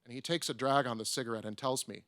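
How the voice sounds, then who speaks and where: A man's voice: mid-range voice, fairly even intonation, quick pace, fairly bright tone, dry recording, clean studio sound. A man, an academic panelist, reading a prepared talk aloud with wry, self-mocking asides. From United States. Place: conference room.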